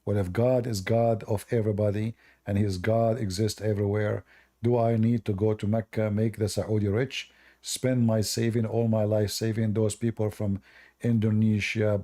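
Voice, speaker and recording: A man who is not a hosts a call-in debate, arguing in a sarcastic, emphatic way while his voice is going hoarse. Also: on the low side, dark tone. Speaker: host.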